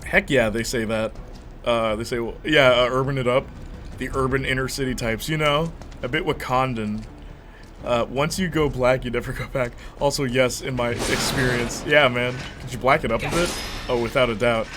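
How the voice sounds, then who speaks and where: Bright-voiced young man chatting on stream. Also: medium pitch, moderate pace, slight background noise. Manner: animated storytelling, lots of fillers. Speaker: gaming streamer. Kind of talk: casual chat while streaming a game.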